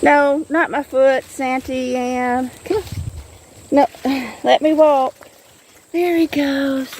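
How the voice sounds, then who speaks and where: A woman vlogging on a walk in the woods, cooing at her kitten and getting excited about what she finds. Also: high voice, takes it slowly, a little hiss or hum. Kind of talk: casual nature vlog. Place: outdoors in the woods.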